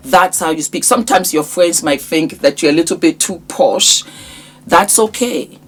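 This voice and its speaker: A middle-aged woman hosting her own channel, giving casual advice in an animated, emphatic way and repeating phrases for effect. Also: lowish voice, normal speed, husky. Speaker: YouTube host, speaking coach.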